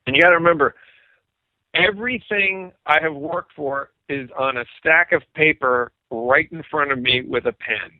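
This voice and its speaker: A middle-aged man, a bassist guest, telling stories in an animated way and acting out what people said. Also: moderate pace, no room sound. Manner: animated storyteller acting out quoted dialogue. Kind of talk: casual storytelling interview. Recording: tinny phone-like line, dry.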